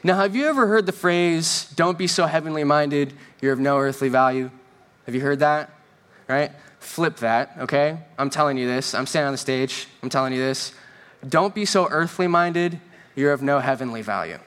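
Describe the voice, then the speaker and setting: A man's voice: fairly high pitch, normal speed, fairly bright tone. A man preaching a sermon from a church stage, in a conversational style with joking asides and quoted voices acted out. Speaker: pastor.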